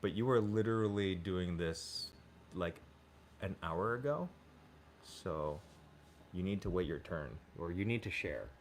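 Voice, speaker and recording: A man with a fairly low voice hosts a relaxed livestream from his home kitchen. He chats easily with viewers and slips into cooing baby talk for his dogs. A faint ambient hum sits under his voice. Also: unhurried. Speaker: livestream host. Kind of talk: casual livestream chat while cooking.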